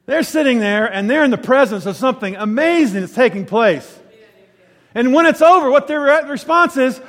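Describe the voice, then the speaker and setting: A man's voice: extremely high pitch, expressive, moderate pace, a bit bright, big-room sound. A man preaching, telling a rambling personal story with self-corrections. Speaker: pastor.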